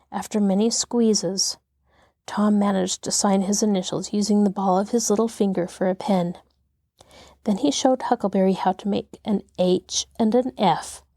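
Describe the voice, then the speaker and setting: A woman, a children's librarian, reading a classic novel aloud in a steady, measured storytelling voice. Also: mid-range voice, no echo, studio quality.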